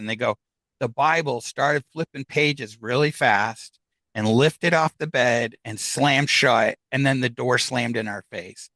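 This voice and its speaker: Guy on a podcast telling a long story, acts out all the lines, laughs a bunch, mid-pitched, dry close sound. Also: normal speed, dry recording, low-quality recording. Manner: animated, acts out quoted dialogue, laughs between lines. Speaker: podcast guest. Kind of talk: casual storytelling.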